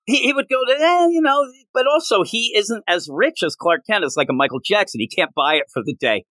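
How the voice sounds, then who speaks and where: A man's voice: high voice, a little fast, dry recording. A man co-hosting a comics podcast, chatting casually and joking, sometimes putting on silly voices. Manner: animated, jokey, puts on silly voices while riffing. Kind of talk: casual chat.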